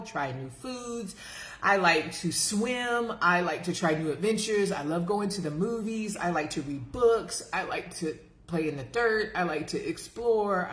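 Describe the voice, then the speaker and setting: A middle-aged woman, a life coach, giving an emphatic, lively live-streamed talk to women, calling them girlfriends. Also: medium pitch. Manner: energetic, emphatic, addresses viewers as girlfriends. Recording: roomy echo.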